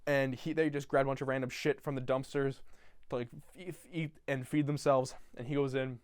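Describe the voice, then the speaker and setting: A man's voice: medium pitch, level tone, a little fast, smooth, no room sound. Rambling young man retelling a film. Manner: rambling, profane, laughing. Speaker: YouTuber.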